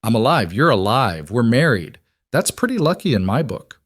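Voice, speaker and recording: A man's voice: medium pitch, big pitch swings, normal speed. A man voicing a brave, defiant young woman, a bride, who speaks with determined firmness. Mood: wry. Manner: determined, firm.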